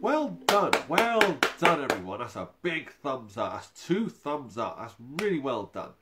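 Lively, gentle man hosting a toddler music session. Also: medium pitch, unhurried. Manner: gentle, chatty, talks directly to small children. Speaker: children's music session host. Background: ukulele playing.

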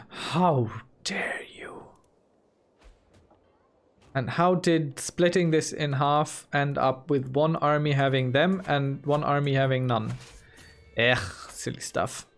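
Unhurried and fairly even in intonation, this man's fairly high voice carries casual let's-play commentary on a strategy game he's playing. The gaming host muses and talks to himself playfully while soft game music runs in the background.

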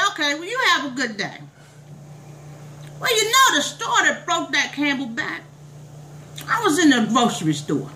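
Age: middle-aged. Figure: a woman playing a shrill, preachy church lady. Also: sharp tone, a little hiss or hum, heavily acted, rough recording. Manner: exclamatory, sermonizing, drawn-out drawl. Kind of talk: comic monologue storytelling.

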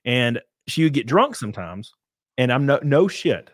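A man's voice: mid-range voice, big pitch swings, moderate pace, no echo, studio quality. A young man telling long, rambling stories in casual chat, swearing a lot and laughing often. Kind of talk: casual storytelling.

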